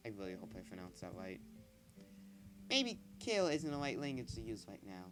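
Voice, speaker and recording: Goofy, animated young gamer guy. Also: fairly low pitch, normal speed, rough recording. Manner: goofy, rambling, self-mocking. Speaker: let's play gamer. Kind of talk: casual gameplay commentary. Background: game music.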